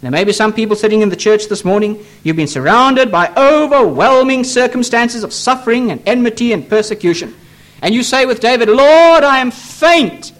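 A man's voice: sits high, a little fast, a bit bright. A man preaching a sermon from a church pulpit, emphatic and repetitive, pressing his points with pleading appeals. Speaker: pastor.

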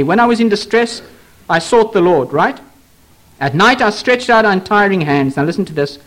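A man preaching a sermon, earnest and pleading, asking the listener questions directly and slowing down for emphasis. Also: sing-song, fairly bright tone. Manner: earnest, pleading, dramatic swings in pitch and pace.

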